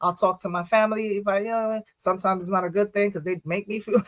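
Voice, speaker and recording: A woman in a casual interview, a first responder and poet who tells her stories with quick asides and frequent laughter. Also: mid-range voice, dry recording. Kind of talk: casual podcast interview talk.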